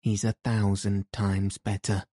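A man voicing a stubborn, sharp-tongued young girl with blunt, sour retorts. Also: lowish voice, flat delivery, unhurried, dry recording, studio quality. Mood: heated.

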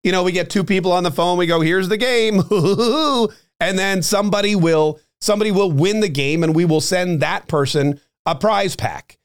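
A man's voice: high voice, moderate pace, few pauses, smooth. Rambling man hosting a podcast. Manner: rambling, conversational, with frequent fillers and restarts. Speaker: podcast and radio host. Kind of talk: casual monologue.

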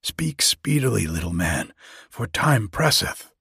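A man's voice: lowish voice, big pitch swings, unhurried, vocal fry, a bit bright, breathy edge, dry recording, clean studio sound, heavily acted. A man voicing a brave, eager nobleman, asking urgent questions in archaic storybook speech. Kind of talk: storybook reading.

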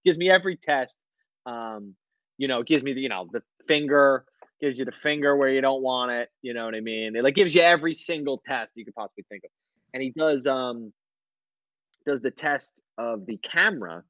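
A man's voice: mid-range voice, fairly quick, a bit bright, dry recording, highs cut off. A man, a comedian and podcast co-host, telling a story in casual chat, acting out both sides and laughing often.

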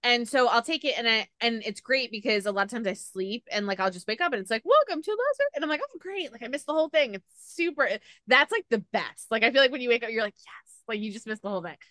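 A woman hosting a podcast in casual chat, talking with lots of fillers and animated retelling. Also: a little high, quick pace, few pauses, no room sound, clean studio sound. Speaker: podcast host.

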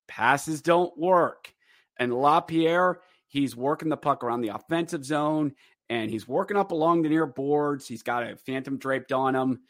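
A man hosting a podcast, rambling casually with fillers through a game recap and slipping into excited play-by-play. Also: a little high, dry recording, studio quality. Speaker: podcast host.

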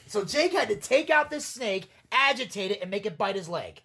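A man's voice: very high-pitched, very animated, brisk, creaky, pushed and bright, husky. Rambling, profane man hosting a podcast. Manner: rambling, profane, laughs while telling stories. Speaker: podcast host. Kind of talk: casual storytelling recap.

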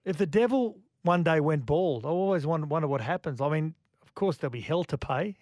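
A man's voice: a little high, expressive, a little fast, a little mellow, no echo. A man telling dad jokes and laughing at his own punchlines. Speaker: joke teller.

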